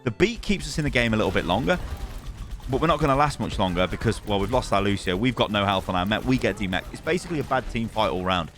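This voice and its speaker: A man's voice: fairly low pitch, animated, fast, a bit bright, soft background music. A man reviewing gameplay replays as a coach, exasperated and firing off repeated rhetorical questions.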